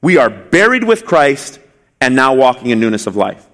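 A man's voice: mid-range voice, sing-song, normal speed, fairly bright tone. A male pastor preaching an expository sermon, emphatic, asking rhetorical questions and repeating key phrases.

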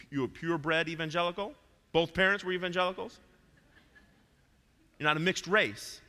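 A man preaching a sermon as pastor, swinging between loud emphatic points and soft asides. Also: on the high side. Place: church sanctuary. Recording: long reverb of a church hall.

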